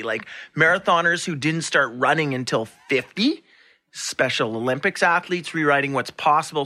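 A man in his fifties hosts a casual podcast with a bright, fairly high voice. His voice is wearing out from too much talking. He laughs often and drags out his jokes with a playful grin in his delivery. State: losing his voice. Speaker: podcast host and physiotherapist. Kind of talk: casual joking chat.

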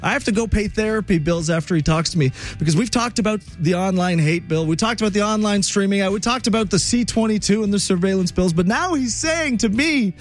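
A man's voice: sits high, a little fast, few pauses, soft background music. A man hosting a talk radio show, telling a story in a chatty, emphatic monologue.

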